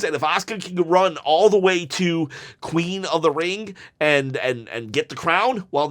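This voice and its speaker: Man, fairly high voice, casual wrestling review, rambling, exasperated. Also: a bit bright. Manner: rambling, exasperated, restarts and sighs. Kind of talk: casual video commentary.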